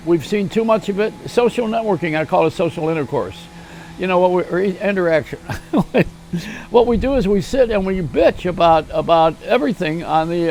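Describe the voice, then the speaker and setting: A man's voice: high voice, a little mellow, a little hiss or hum. An older man hosting a rambling, self-mocking comedy monologue, chuckling at his own jokes. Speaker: host.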